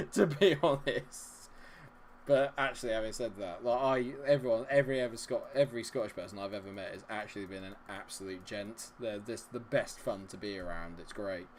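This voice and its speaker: A young adult man hosting a live gameplay stream, chatting with viewers and cheering loudly at the game. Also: fairly low pitch, steady tone, brisk, few pauses, slight background noise. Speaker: gaming livestream host. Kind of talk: live gameplay commentary and chat reading.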